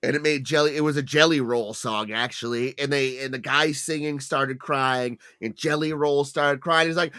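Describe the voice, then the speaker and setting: A man's voice: medium pitch, steady tone, normal speed, hardly any pauses, bright, forceful tone, clean tone. A middle-aged man co-hosting a casual comedy podcast, telling stories with lots of animation and mocking voices. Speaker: podcast co-host.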